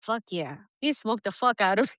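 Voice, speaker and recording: A woman co-hosting a podcast as an Army veteran, telling a story in a candid, blunt, profane and animated way. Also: medium pitch, normal speed, no echo, studio quality.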